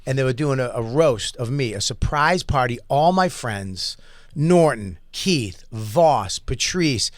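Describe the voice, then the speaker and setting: A man in his forties with a medium-pitched voice, recorded dry at a close studio mic. He is a comedian telling stories in a casual, profane way. He acts out the other people's lines as he goes. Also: slow pace, no echo. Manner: profane, animated storyteller who acts out quotes. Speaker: comedian and podcast host. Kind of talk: casual storytelling chat.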